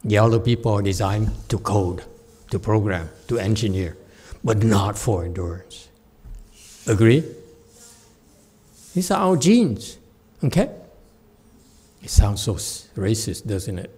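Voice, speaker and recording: A man giving a Buddhist Dharma talk as a Chan master, telling a story with lively acted-out quotes. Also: fairly low pitch, takes it slowly, pauses often, husky. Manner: animated storyteller who acts out quoted speech and laughs at his own jokes.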